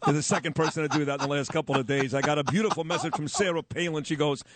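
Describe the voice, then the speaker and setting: A man hosting a morning radio show, telling stories quickly and laughing often; he grew up in Brooklyn, New York. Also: fairly high pitch. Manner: animated, quick storytelling with laughs. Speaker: radio host.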